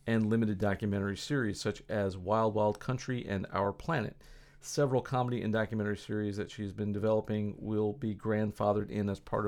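A fairly low-voiced man hosts a podcast from a recording studio. He reads out industry news items and keeps the chat easygoing and playful. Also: a little mellow. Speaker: podcast host.

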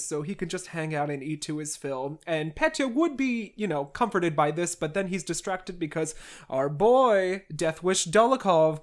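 A podcast host giving a casual, wry recap of a classic novel, with sarcastic asides aimed at the characters. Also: medium pitch.

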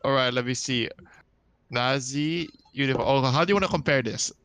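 A man's voice: mid-range voice, brisk, a bit bright, clear, resonant tone, no echo. A young man co-hosting a podcast, chatting casually in a playful, curious way and laughing easily. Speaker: podcast co-host. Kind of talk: casual chat.

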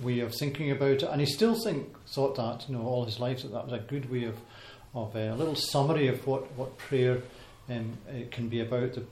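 A man's voice: medium pitch, a little mellow. Hesitant man giving a talk in an echoey hall. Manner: hesitant, many ums and restarts. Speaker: speaker giving a Bible talk. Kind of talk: informal talk to a congregation. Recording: echoey hall with faint noise.

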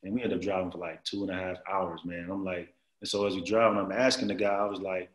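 A man in his thirties telling a story in casual chat, animated and full of slang and fillers. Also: sits low, fast talker. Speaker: guest. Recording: roomy echo.

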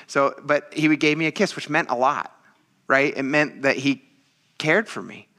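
Bright-voiced, chatty male pastor. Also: medium pitch, normal speed. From military veteran. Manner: chatty, teasing, self-mocking. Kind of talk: casual sermon.

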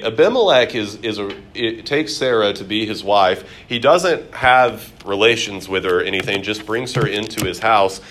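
A man's voice: fairly low pitch, a bit bright, a little hiss or hum. A man teaching a casual Bible study, chatty and amused, with many fillers.

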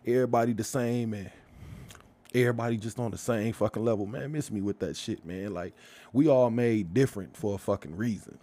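A man's voice: on the low side, a little fast, dark tone. A man giving a casual, profane rant as a vlogger, blunt and heated, firing off rhetorical questions.

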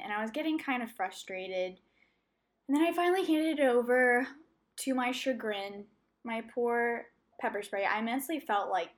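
A young adult woman hosting a solo podcast, rambling through a personal story with lots of fillers and self-corrections. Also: on the high side. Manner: animated, acting out her own reactions. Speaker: podcast host.

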